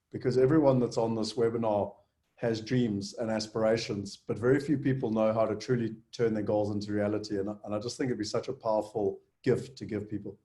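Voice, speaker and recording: A man's voice: fairly low pitch, warm tone. A man co-hosting a webinar, earnestly urging the guest to share her story. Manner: earnest, persuasive. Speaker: webinar co-host. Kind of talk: webinar talk. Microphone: video call.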